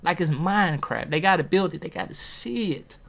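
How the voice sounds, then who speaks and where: A man's voice: a little high, a little fast, gravelly, a bit bright. A man giving a casual motivational talk to camera from a table, preaching and throwing rhetorical questions at his viewers. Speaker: motivational video host. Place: at a table, self-filmed.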